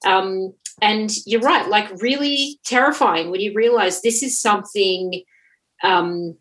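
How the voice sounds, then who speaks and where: A woman's voice: medium pitch, measured pace, fairly bright tone, rough recording. A woman in casual podcast chat, explaining her view and correcting herself as she goes. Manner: chatty, self-correcting.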